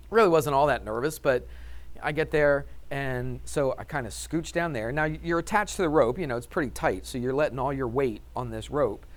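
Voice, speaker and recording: A man teaching a math class, telling a story with lots of laughter and acting it out, then teasing his students. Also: on the high side. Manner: animated, laughs often, acts out story.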